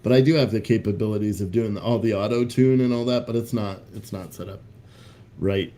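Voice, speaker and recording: A man's voice: fairly low pitch, a little fast, dark tone, a little hiss or hum. A man hosting a casual livestream, rambling bluntly with profanity and restarts while reading out chat comments. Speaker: livestream host.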